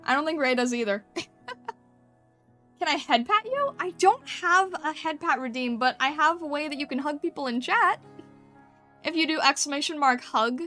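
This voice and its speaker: A woman's voice: high voice, expressive, moderate pace, bright, forceful tone, soft background music. A woman streamer chatting casually with her chat and thinking aloud while she paints over and critiques thumbnails.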